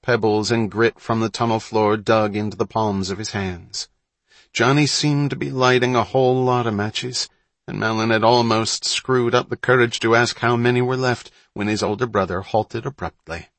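A man narrating a story in a measured, suspenseful reading. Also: on the low side, steady tone, fairly bright tone, no room sound. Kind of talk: audiobook narration.

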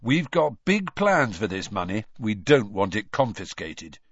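A man's voice: on the low side, sing-song, a little slow, breathy edge, no room sound, exaggerated voice. A man doing a gleeful cheeky wizard boy. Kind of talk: audiobook character voice. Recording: dry, slightly dull studio audio.

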